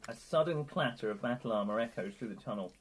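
A man's voice: medium pitch, fast, slight background noise, low-quality recording. A man running a tabletop role-playing game as game master, narrating scenes and reading out messages. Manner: reads scene narration and character messages, laughing often.

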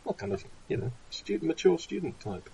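Player, man, wry and dry, lively pitch, noisy recording. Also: a little fast. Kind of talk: casual tabletop play. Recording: recording with noticeable background noise.

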